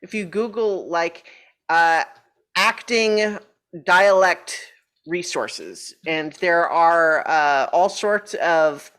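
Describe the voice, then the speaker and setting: A woman voice actor takes part in a panel over a video call. She speaks hesitantly, pausing with fillers as she searches for the right words. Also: fairly low pitch, fairly bright tone. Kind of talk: casual panel chat.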